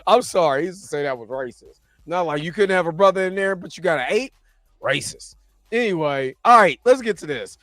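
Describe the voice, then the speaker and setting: Excitable man hosting a live chat. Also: high voice, fairly quick, no room sound, studio quality. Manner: excitable, laughs often, shouts when thrilled. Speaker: show host. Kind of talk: casual live-stream chat.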